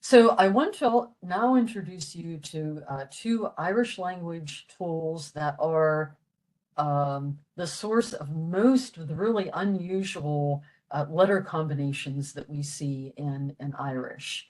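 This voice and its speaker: A woman's voice: low-pitched, slow, darkish tone, rough recording. An older woman from western Pennsylvania giving a patient, explanatory library talk, with frequent fillers. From western Pennsylvania, USA. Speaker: library program presenter. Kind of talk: informal language lecture.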